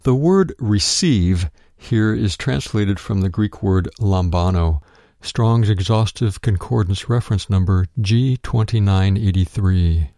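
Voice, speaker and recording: A deep-voiced man reads a Bible study aloud, his tone low and gravelly. He speaks in a measured, steady way and reads each verse reference out plainly. The sound is close and dry, with no room around it. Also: dry recording. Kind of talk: scripted narration of a written teaching.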